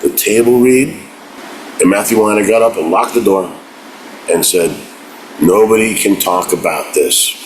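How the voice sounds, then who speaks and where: Deep-voiced man telling actor anecdotes. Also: moderate pace, long pauses, slight background noise, rough recording. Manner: animated, acts out quotes in voices. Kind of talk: casual anecdote.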